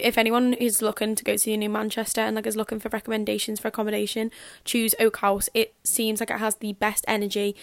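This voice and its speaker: A woman's voice: medium pitch, no echo. A young woman with a Scouse accent, rambling in a casual podcast chat full of fillers. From Liverpool area. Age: young adult. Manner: rambling, filler-heavy, chatty. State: dry throat. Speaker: podcast host.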